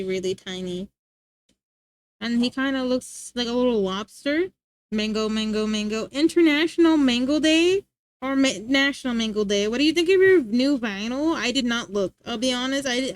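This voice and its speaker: A woman's voice: a little high, no echo. A woman streamer chatting casually and playfully with her live chat, laughing often.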